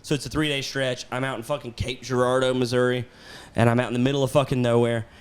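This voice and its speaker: A man's voice: mid-range voice, flat delivery, fast talker, smooth. A man hosting a podcast, telling a long comic story with lots of swearing and laughter. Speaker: podcast host, comedian. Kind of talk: casual storytelling chat.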